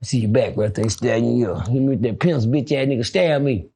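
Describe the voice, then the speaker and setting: A middle-aged man telling stories in a casual interview. He is animated and keeps switching into the voices of people from his stories. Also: medium pitch, a little fast, breathy edge. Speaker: guest.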